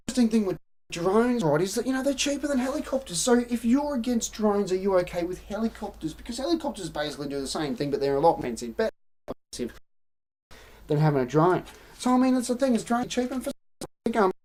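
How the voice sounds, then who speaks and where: A woman's voice: medium pitch, a little mellow, a little hiss or hum. An Australian woman hosting a live stream, rambling through opinions and answering her chat in casual commentary. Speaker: livestream host.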